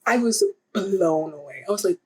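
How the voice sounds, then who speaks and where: A woman's voice: lowish voice, expressive, normal speed, slightly rough, low-quality recording. A young woman casually reviewing romance books in a rambling, giggly way, with lots of fillers. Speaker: book vlogger. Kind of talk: casual book review vlog.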